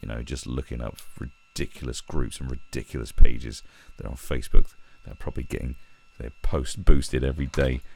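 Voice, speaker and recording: A man's voice: a bass voice, steady tone, brisk, vocal fry, few pauses, darkish tone, a little hiss or hum. A man delivering a sweary, sarcastic ranting commentary, with mocking put-on voices. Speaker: commentary vlogger.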